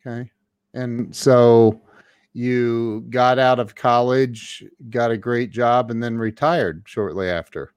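A man hosting a casual interview podcast, speaking slowly and deliberately. He laughs easily and restarts his phrases as he chats. His voice sounds dry and close, with little room sound. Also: mid-range voice, steady tone, clean tone, dry recording. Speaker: podcast host.

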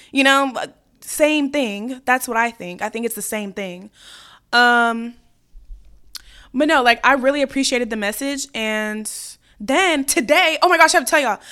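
A woman's voice: high voice, moderate pace, sharp tone, clear, resonant tone. A young woman hosting a podcast, chatting casually and animatedly in a scattered, swear-laced way. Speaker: podcast host. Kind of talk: casual solo podcast chat.

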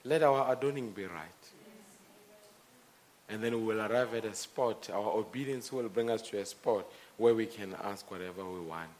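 A man preaching a sermon, telling stories, with swings between quiet earnestness and impassioned shouting. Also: on the low side, normal speed.

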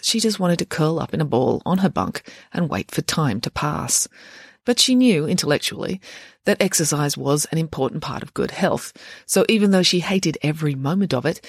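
An audiobook narrator, reading a story in an expressive, wry way. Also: mid-range voice, dry recording, clean studio sound.

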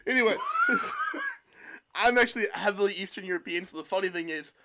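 A man's voice: sits high, wildly swooping pitch, normal speed, bright, forceful tone. A man co-hosting a podcast, joking and laughing through casual banter with crude words. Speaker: podcast co-host.

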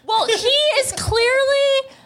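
A young woman hosting a comedy podcast, recapping an anime with animated storytelling, quick character impressions and swearing. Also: very high voice.

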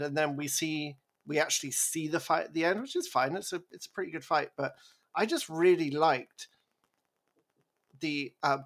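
Podcast guy, kinda high voice, rambly and animated, laughs a lot. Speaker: podcast co-host. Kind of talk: casual chat.

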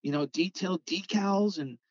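A man's voice: high-pitched, moderate pace, dry recording, lo-fi sound. Chatty man telling a long story. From Southern California. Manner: rambling, animated when quoting others. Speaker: guest, Hot Wheels customizer. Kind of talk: casual storytelling chat.

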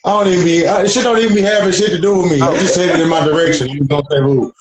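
A man's voice: a little high, steady tone, rapid-fire, a loud crowd. A young man joking around with friends on a live stream, playful and laughing a lot. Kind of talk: casual group chat. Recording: echoey room with other voices.

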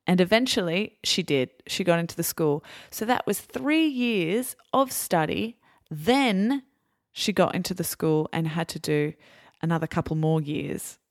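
An Australian woman hosting a podcast, explaining clearly and deliberately before interviewing a guest. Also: lowish voice, dry recording, studio quality. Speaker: podcast host.

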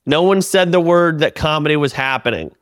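A man, a comedian and podcast host, telling a story in casual chat, animated and full of swearing and restarts. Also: fairly high pitch, brisk, clean tone, no echo, studio quality.

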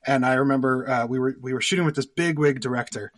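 A man's voice: mid-range voice, quick pace. A young Canadian man, a guest actor on a podcast, telling rambling stories with lots of fillers and laughter. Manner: rambling storyteller, laughs often, many fillers. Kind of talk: casual podcast interview.

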